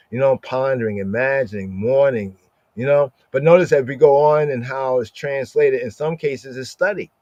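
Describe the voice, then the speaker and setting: A man's voice: medium pitch, moderate pace, darkish tone, no echo. A man teaching the Torah and Psalms in a morning study, repeating Hebrew words over and over and acting out the muttering of someone talking to himself. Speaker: Bible teacher. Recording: dull dry lo-fi sound.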